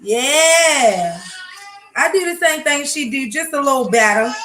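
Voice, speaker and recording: A woman with a high, bright, expressive voice talks a little fast as she hosts a casual morning livestream from her home kitchen. She rants bluntly and with plenty of profanity while chatting with her viewers. The room is echoey and there's faint background noise.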